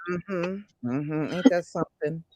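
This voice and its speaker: A woman's voice: sits low, slow, a little mellow, no room sound. A woman hosting a casual livestream chat, laid-back and affirming. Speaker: host.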